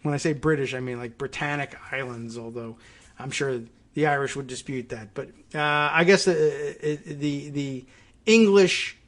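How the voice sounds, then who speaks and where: A man hosting a talk show, reading an article aloud slowly and deliberately, then breaking off into quiet, halting asides. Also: medium pitch. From United States. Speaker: podcast host.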